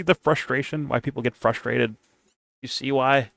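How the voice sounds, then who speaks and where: A man's voice: medium pitch, fairly quick, gravelly, dry recording. A man co-hosting a podcast, giving casual reaction commentary in a profane, rambling rant full of restarts. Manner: profane, rambling, animated ranting with frequent restarts. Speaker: podcast co-host reacting to an interview.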